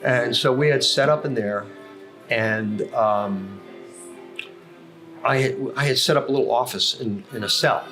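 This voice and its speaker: A man's voice: mid-range voice, unhurried, long pauses, sharp tone. Older man telling stories over music. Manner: anecdotal, with many fillers and self-corrections. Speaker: podcast guest. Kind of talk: casual storytelling. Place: coffee house. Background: music playing.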